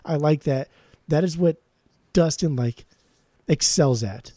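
A podcast co-host talking with animated enthusiasm, cursing freely and joking around. His voice sits a bit high for a man but sounds mellow and dark in tone. The recording is dry, with no room sound. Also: slow pace, no echo. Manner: animated, swears casually, jokey. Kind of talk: casual music podcast chat.

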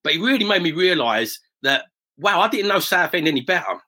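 A middle-aged man from near Romford, telling property-investing stories as an interview guest in a lively, anecdotal way. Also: sits high, a little fast. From south-east England, near Romford. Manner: lively anecdotal, acts out quoted voices. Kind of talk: casual storytelling interview.

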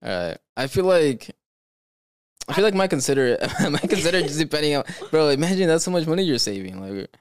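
A man's voice: on the high side, sing-song, brisk, no room sound. Laughing man hosting a podcast. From California. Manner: laughs often, rambling with fillers. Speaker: podcast host. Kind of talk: casual chat and reading stories aloud.

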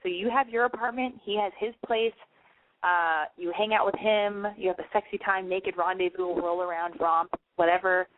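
A woman's voice: medium pitch, fairly even intonation, moderate pace, no room sound. Casting: woman radio host, brash and profane, a bit tipsy, dry phone-like lo-fi sound. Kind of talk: casual advice call-in show.

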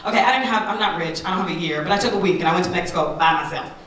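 A woman in her thirties, a radio personality, giving a candid personal testimony talk to an audience, animated and full of asides. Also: lowish voice, very fast, very echoey, recorded from a distance, a little hiss or hum, poor audio.

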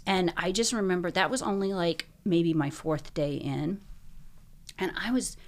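A young woman with a lowish voice earnestly tells her own story as an interview guest, speaking in quick bursts packed with "like"s.

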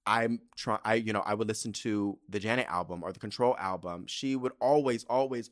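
A man hosting his own podcast, talking straight to the listener in a sassy, profane rant. His voice sits at an ordinary middle pitch for a man, but it jumps high and loud when he gets worked up and drops low and quiet for asides. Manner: sassy, profane, animated swings in pitch and loudness. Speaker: podcast host. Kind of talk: casual solo podcast rant.

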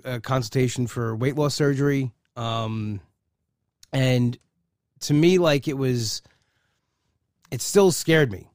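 A man in his forties talks casually as a podcast host, his voice sitting in a middle pitch. He rambles and restarts his sentences often. The studio sound is close and dry. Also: dry recording. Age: 40s. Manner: rambling, halting with many restarts. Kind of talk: casual chat.

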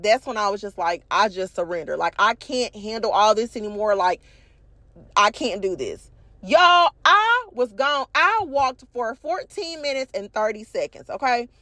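Profane woman with a high voice. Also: dry recording. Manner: profane, animated, addresses viewers as y'all. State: congested from allergies. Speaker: vlog host. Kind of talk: casual storytelling rant.

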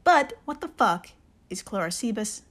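A woman's voice: mid-range voice, normal speed. A woman co-hosting a podcast in casual chat, explaining a story with energy, frequent swearing and laughter. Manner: energetic, profane, laughs often while explaining. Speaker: podcast co-host.

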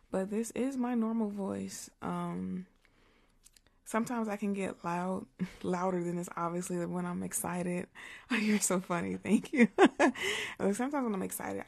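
A slightly hoarse young woman, an ASMR creator, chatting casually on a livestream in her regular voice, reading viewer comments aloud and laughing often. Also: medium pitch, a little mellow. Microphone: studio mic with pop filter.

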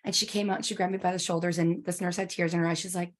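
A woman in her forties telling a personal story in an emotional, halting way, with many fillers and restarts. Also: lowish voice, flat delivery.

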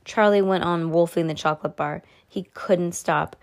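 A woman reading a children's story aloud, expressive, with small slips and restarts. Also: fairly low pitch, normal speed, few pauses. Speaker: reader to a child.

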